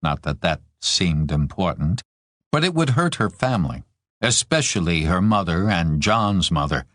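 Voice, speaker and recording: A man narrating a war novel audiobook in measured, expressive storytelling. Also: sits low, dry recording, studio quality. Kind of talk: scripted narration.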